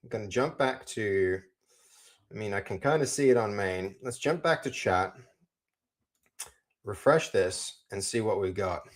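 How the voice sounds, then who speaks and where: A man's voice: fairly low pitch, animated, measured pace, long pauses. Rambling male streamer talking to chat. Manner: rambling, talks to chat, lots of restarts. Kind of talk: casual live-stream chat while coding.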